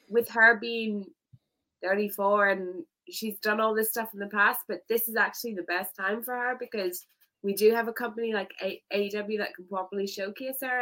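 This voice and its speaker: A woman's voice: fairly high pitch, bright, forceful tone, low-quality recording. A woman co-hosting a casual wrestling chat, enthusiastic and emphatic, laughing easily. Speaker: podcast co-host.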